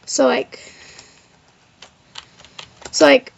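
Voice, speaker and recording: She drags out her words while telling a rambling, casual personal story as a vlogger, constantly saying "like" and "of course." There's slight background noise, and the lo-fi sound is a touch dull.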